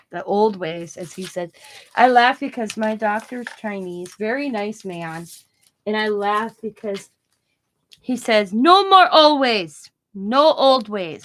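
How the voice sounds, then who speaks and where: A middle-aged woman, a craft channel host, telling a story in casual, chatty talk that rambles, restarts sentences and often breaks into giggles. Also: mid-range voice.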